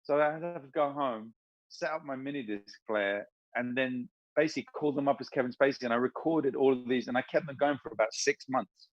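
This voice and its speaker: A man, an actor and voice performer, chatting casually and telling animated stories with quick impressions. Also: medium pitch, dry recording, dull audio. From United Kingdom. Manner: animated, slips into impressions mid-story. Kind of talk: casual interview storytelling.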